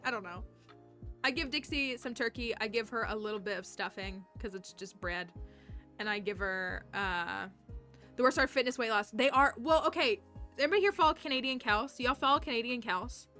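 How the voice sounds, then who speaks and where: A woman's voice: fairly high pitch, bright, forceful tone. A woman streamer in casual, rambling chat while she plays a game, talking with fillers and laughing often. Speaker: livestreamer.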